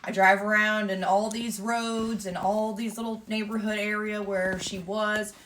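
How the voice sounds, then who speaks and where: A woman, casually telling a lively story and acting out the exchanges she had along the way. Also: medium pitch, unhurried, slight background noise. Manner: lively, vivid retelling with quoted exchanges. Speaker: emu owner telling a story.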